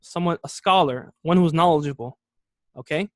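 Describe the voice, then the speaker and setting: A man's voice: fairly high pitch, no echo. Patient man teaching Arabic vocabulary. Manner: explains step by step, often checking in with "okay?"; repeats key Arabic words slowly. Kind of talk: classroom lesson.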